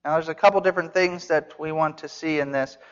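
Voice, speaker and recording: A man's voice: a little high, steady tone, fast talker. A man preaching an expository sermon, earnest and emphatic, repeating phrases for stress. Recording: dull sound with long hall reverb.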